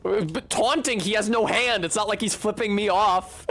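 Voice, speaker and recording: A man's voice: high-pitched, moderate pace, fairly bright tone. A man streaming a game live, cursing and mocking himself as he plays. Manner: profane, self-mocking, exclamatory. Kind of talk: live gameplay commentary.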